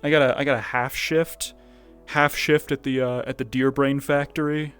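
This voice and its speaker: A man's voice: medium pitch, flat delivery, normal speed, smooth. Man, casual roleplay streamer, rambling, laughing, faint background music. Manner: loud, rambling, laughing to himself.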